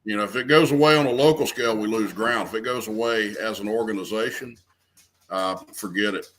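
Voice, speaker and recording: Fairly quick and somewhat low-pitched, this Southern American man in his 50s talks earnestly as an interview guest, emphasizing key words and often restarting what he's saying. His tone is fairly bright, and the poor audio carries slight background noise.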